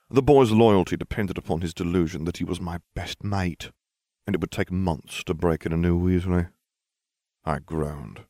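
Deadpan man reading a story. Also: sits low, no room sound, clean studio sound. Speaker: narrator. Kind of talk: reading fan fiction aloud.

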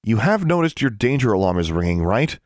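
A man voicing a sharp, suspicious teenage girl in an audiobook, with a blunt, demanding way of talking. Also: on the low side, big pitch swings, a little fast, no room sound, studio quality, pitched above the performer's own voice. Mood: indignant.

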